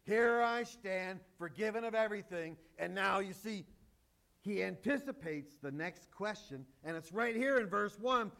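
High-voiced, slow-paced man preaching. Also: lively intonation, gravelly, bright, forceful tone. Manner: emphatic, joking asides to the congregation. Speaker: pastor. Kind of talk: sermon.

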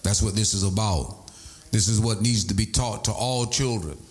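A male pastor preaching a sermon, animated, shouting at times and sliding into a sing-song high voice. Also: moderate pace.

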